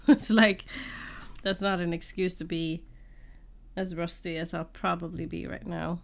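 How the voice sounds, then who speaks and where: A woman's voice: fairly low pitch, steady tone, measured pace, creaky, long pauses. A woman streamer chatting casually while playing a video game, self-deprecating and laughing often. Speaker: gaming streamer. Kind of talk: casual gameplay commentary. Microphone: podcast microphone.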